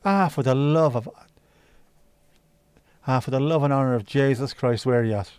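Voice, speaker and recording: A man putting on a jovial, theatrical Irish man with an Irish accent, loud and hammy in his exclamations. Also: medium pitch, normal speed, clear, resonant tone, no room sound, natural voice. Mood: exasperated. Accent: put-on Irish.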